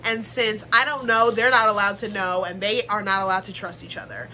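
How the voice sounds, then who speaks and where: Bright, blunt woman gossiping. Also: mid-range voice, a little fast, slight background noise, low-quality recording. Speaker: player in a fan-made reality game roleplay. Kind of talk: confessional monologue.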